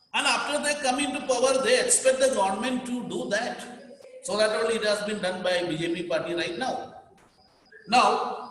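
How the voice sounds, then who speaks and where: A man's voice: high voice, a bit bright. A male teacher with an Indian English accent, giving a classroom lecture and explaining key terms, repeating words for students to note down. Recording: very echoey, reverberant room.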